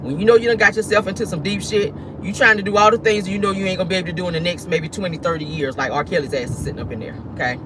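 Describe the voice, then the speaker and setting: A man's voice: sits high, very fast, hardly any pauses, noisy background. A man hosting a casual celebrity gossip show, sassy and profane, laughing often and calling his viewers "y'all" and "honey".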